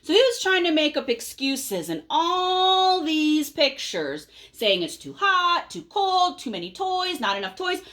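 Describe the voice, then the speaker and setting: A woman reading a picture book aloud to children, pausing to ask them questions in a gentle, teacherly way. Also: sits high, big pitch swings.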